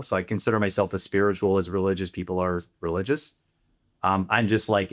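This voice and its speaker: Low-voiced man telling his story candidly. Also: fairly bright tone. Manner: candid, reflective, with restarts and fillers. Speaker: speaker sharing his recovery story. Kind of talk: personal storytelling talk.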